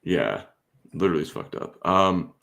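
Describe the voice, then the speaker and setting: A man's voice: deep voice, big pitch swings, normal speed, gravelly, sharp tone. A man co-hosting a podcast in casual chat, joking around, doing mock impressions and laughing often. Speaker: podcast co-host.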